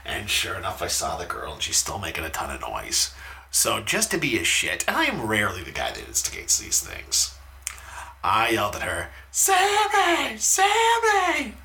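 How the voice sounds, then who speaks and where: A man in his thirties casually telling funny stories in a podcast chat, swearing freely and shouting out the lines of the people he quotes. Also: low voice, wildly swooping pitch, moderate pace, vocal fry. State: talking quietly at times because his wife sleeps.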